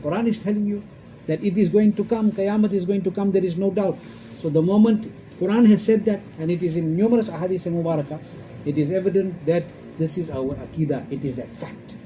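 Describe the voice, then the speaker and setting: A man's voice: high-pitched, a little fast, dark tone, slight background noise, rough recording. A man giving an emphatic religious lecture, quoting Arabic verses and asking rhetorical questions. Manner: emphatic, repeats points, quotes Arabic verses. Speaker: Islamic scholar giving a talk.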